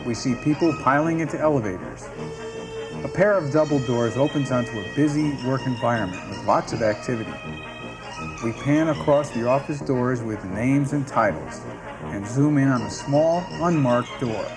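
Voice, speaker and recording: A man reads stage directions aloud as scripted narration, keeping a steady, descriptive delivery. His pitch sits mid-range but moves with a lively lilt. Music plays clearly underneath him. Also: moderate pace.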